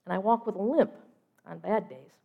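A middle-aged woman giving a measured, reflective sermon, trailing off softly at the ends of phrases. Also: medium pitch, vocal fry, narrow, tinny audio. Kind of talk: sermon storytelling.

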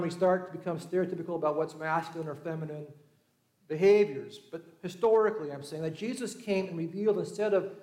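In an echoey room, a high-pitched male pastor from Southern California preaches through storytelling. He performs the voices of the people in his tales and moves between lively and hushed delivery.

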